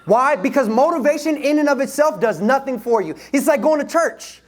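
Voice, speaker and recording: High-voiced young man hyping a crowd. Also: fairly quick. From Detroit, USA. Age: 20s. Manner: energetic, playful call-and-response with the crowd. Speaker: motivational speaker. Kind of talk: live motivational talk to an audience. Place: event room with a live audience. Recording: live room recording with crowd and noise.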